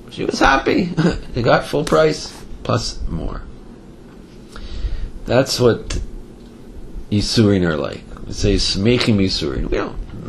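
Gravelly, animated man telling a Torah story. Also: lowish voice, a little hiss or hum. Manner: animated storyteller with Yiddish and Hebrew terms, frequent fillers. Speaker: Torah teacher.

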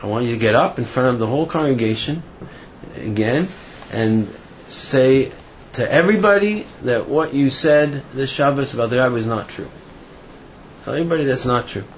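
A man playing a stern rabbi scolding a congregant, firm, low and quiet. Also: animated, moderate pace, highs cut off, a little hiss or hum, lightly acted.

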